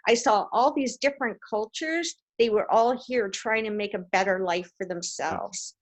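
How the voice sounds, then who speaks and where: A woman from Canada in a casual group video call, telling stories animatedly and acting out quoted voices. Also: medium pitch. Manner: animated storyteller, acts out quotes. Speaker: discussion participant.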